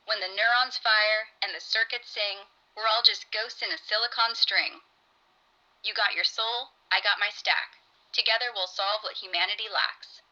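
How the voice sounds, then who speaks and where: A playful AI chatbot, voiced by a woman that trades quips and sings little rhymes. The voice is bright and slightly high. It sounds dull and lo-fi, as if it plays from a phone speaker. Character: witty female AI chatbot voice. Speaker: AI assistant.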